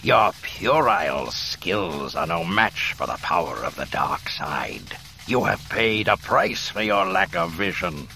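A man doing a rasping, gloating evil old emperor. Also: sits low, sing-song, takes it slowly, bright, forceful tone, slight background noise, full character voice.

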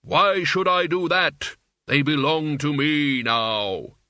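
A man voicing Death as a cold, slow-spoken immortal figure in an audiobook. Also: on the high side, pushed and bright, no echo, clean studio sound. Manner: slow, measured, imperious.

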